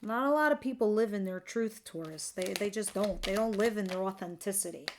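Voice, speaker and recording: A woman's voice: medium pitch, brisk, background noise. Chatty, candid woman reading tarot. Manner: chatty and candid, laughs easily, swears casually. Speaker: tarot reader. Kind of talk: casual tarot reading to camera.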